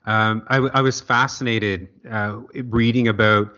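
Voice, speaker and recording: Male interviewer, halting delivery, bright voice, dull lo-fi sound. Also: lowish voice, fairly even intonation, clear, resonant tone. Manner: halting, restarts his questions. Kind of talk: interview questions.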